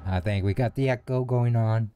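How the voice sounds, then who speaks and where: A man's voice: mid-range voice, moderate pace, mellow, faint music behind. A man giving casual gameplay commentary with hesitant, self-deprecating asides. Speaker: game streamer.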